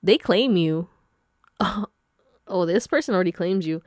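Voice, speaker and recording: A woman's voice: fairly low pitch, lively intonation, a little slow, dry recording, studio quality. A woman giving a casual pick-a-card tarot reading. She is chatty, laughs often and throws slangy asides to her viewers. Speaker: tarot reader.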